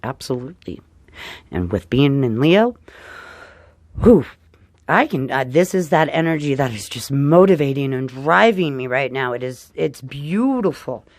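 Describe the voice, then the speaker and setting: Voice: mid-range voice, sing-song, measured pace, no room sound. An astrologer giving a casual forecast to viewers, chatty and upbeat, often tagging on "right?" and calling listeners dear friends.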